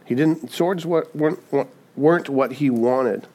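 A man's voice: mid-range voice, a little slow, darkish tone. A man preaching a sermon, often asking "right?" and acting out the people he quotes. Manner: acts out quoted voices, frequent "right?". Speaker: pastor.

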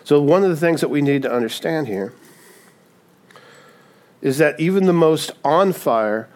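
Delivering a sermon at a measured pace, this male pastor has a fairly high but darkish voice with animated delivery. He keeps tossing in "right?" and performs the lines of those he quotes.

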